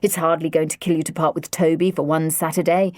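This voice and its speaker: A woman's voice: low-pitched, little pitch movement, quick pace, a little mellow, no echo, studio quality, natural voice. A woman voicing an exasperated middle-aged father who speaks in clipped, firm tones. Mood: stern.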